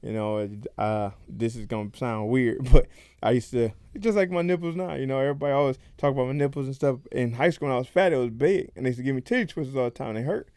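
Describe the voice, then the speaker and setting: A man's voice: mid-range voice, darkish tone, smooth, no echo. A man, a professional fighter, speaking as a podcast guest and telling his own stories candidly and conversationally into a close mic. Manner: candid, rapid, conversational storytelling. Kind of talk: casual podcast storytelling.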